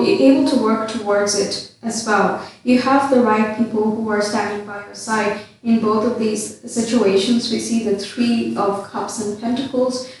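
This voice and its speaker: A woman giving a tarot card reading in a calm, unhurried way, with gentle fillers. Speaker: tarot reader. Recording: very echoey room, mic at a distance, faint rumble.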